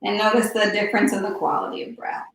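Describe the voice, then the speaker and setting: A woman teaching a one-on-one yoga session, cueing poses and breathing with calm, unhurried instruction and soft breathy asides. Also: mid-range voice, distant mic, slight background noise. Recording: echoey room, voice a bit off-mic.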